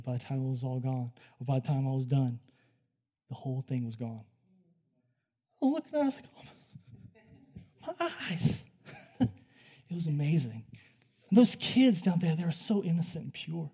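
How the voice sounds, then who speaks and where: Preaching a sermon, a man tells a story conversationally, shifting from hushed, quiet passages to loud, excited ones. His mid-range voice moves fairly quickly and has a breathy edge.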